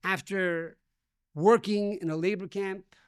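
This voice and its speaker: A man's voice: high voice, fairly even intonation, slow, smooth, dry recording, clean studio sound. A rabbi giving a sermon, telling a story and addressing his listeners as dear friends.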